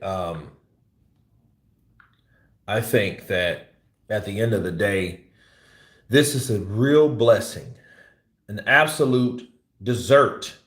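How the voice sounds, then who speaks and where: A man's voice: fairly low pitch, a bit bright, roomy sound. A man hosting live boxing commentary, blunt and profane, ranting and teasing as he talks. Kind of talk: livestream commentary.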